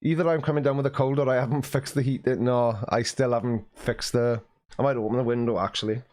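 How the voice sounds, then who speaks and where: Welsh male streamer, chatty and teasing, reads chat aloud, frequent throat-clearing. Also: medium pitch, steady tone, a little fast, a little mellow. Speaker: live stream host. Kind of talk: casual live stream chat, reading out viewer comments. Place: warm room at home, at his desk.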